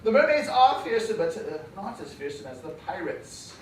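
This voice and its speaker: A man's voice: sits high, very animated, moderate pace, a little hiss or hum. An actor playing an old, talkative male crow who relishes gory tales in a stage play. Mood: storytelling. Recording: echoey stage from a far mic.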